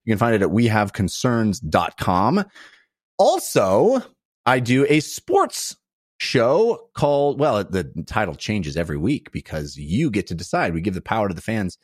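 A man's voice: lowish voice, big pitch swings, measured pace, husky, no echo, clean studio sound. A man hosting a casual podcast, wry and jokey as he chats and plugs his shows. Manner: wry, jokey, upbeat plugging. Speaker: podcast host.

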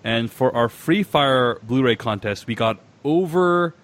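A man's voice: medium pitch, lively intonation, measured pace, fairly bright tone. A man hosting a podcast, chatting casually and reading a listener's email aloud, with many filler sounds. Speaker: podcast host.

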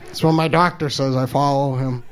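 A man telling a personal story, halting and stammering, openly emotional and self-deprecating. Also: mid-range voice, steady tone, a faint crowd. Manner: halting, stammers and repeats words. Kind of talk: personal story told live.

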